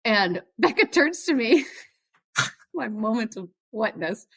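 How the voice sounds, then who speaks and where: A woman from South Dakota, a podcast guest, telling a shared story in casual chat and jumping in with quick asides. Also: fairly high pitch, big pitch swings, slightly rough. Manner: chatty, jumps in with quick asides.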